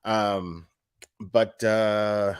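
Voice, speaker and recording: A man's voice: fairly low pitch, level tone, extremely slow, clean tone, no echo, studio quality. A man hosting a casual true crime livestream, rambling, swearing and sarcastic as he reads and answers chat.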